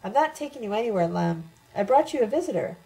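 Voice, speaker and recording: A woman voicing a sharp, sarcastic woman with a brisk manner, in an audiobook reading. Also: fairly high pitch, lively intonation, creaky, rough recording.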